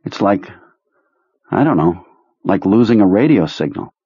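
A man's voice: fairly low pitch, sing-song, measured pace, dark tone, slightly rough, no echo, highs cut off, heavily acted. A man voicing a blunt, plain-spoken soldier who sounds uneasy.

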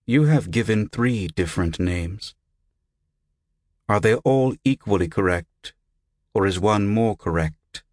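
A man voicing an unseen doctor whose recorded voice is flat and without intonation. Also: fairly low pitch, takes it slowly, long pauses, no echo. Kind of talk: audiobook character voice.

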